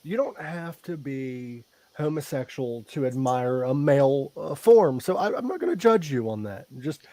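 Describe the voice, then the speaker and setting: A man's voice: medium pitch, animated, moderate pace, hardly any pauses, warm tone, no room sound. A man hosting a podcast, teasing his guest and laughing through crude jokes. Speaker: podcast host. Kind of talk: casual crude podcast banter.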